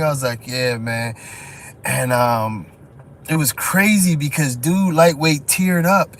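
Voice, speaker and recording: A man, telling a story in casual live-stream chat, profane and quick to laugh. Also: a little high, a bit bright, slight background noise. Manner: loose, profane, laughs often, lots of "you know what I'm saying". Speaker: dog show judge and breeder telling stories.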